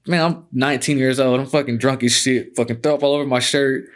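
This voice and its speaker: Man, twenties, casual storyteller, laid-back, profane, mid pitch. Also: fairly even intonation, quick pace. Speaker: podcast guest, fighter.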